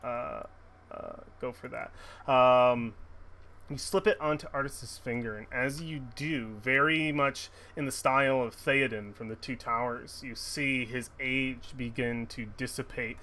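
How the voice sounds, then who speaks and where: A man's voice: mid-range voice, fairly even intonation, unhurried, bright, forceful tone. A man narrating a tabletop game as game master, rambling with many restarts. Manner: rambling, full of restarts and fillers.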